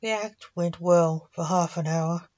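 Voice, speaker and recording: A woman reading a dark fantasy story aloud as a storyteller, keeping an even reading manner with little change between the characters. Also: on the low side, unhurried, highs cut off. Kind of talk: scripted story narration.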